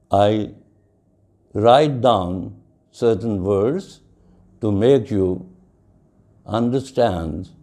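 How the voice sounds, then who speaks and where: Slow gravelly male English lecturer. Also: on the low side, mellow. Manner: slow, spells words out letter by letter; mixes Hindi with English. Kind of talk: classroom lecture.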